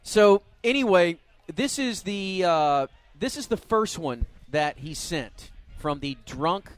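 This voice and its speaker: A man's voice: high-pitched, expressive, slow pace, dry recording. A man hosting a radio talk show, chatting casually and laughing often as he tells a story. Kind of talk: casual chat.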